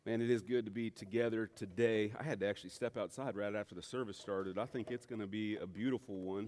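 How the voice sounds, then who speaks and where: Easygoing pastor, chatty storytelling. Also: male voice, fairly low pitch. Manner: relaxed, self-deprecating storytelling with frequent fillers. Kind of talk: casual conversational sermon. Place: church sanctuary.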